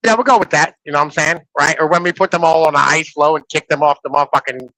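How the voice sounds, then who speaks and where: A man in his thirties talking in a casual, animated and profane way on a podcast, often asking "you know what I'm saying". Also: on the high side, fast, no room sound, poor audio.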